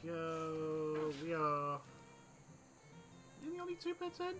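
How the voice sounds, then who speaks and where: A man's voice: a little high, huge pitch swings, slow, fairly bright tone, rough recording. A man giving casual let's-play commentary, chatting to his units and himself over game music. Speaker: gaming channel host.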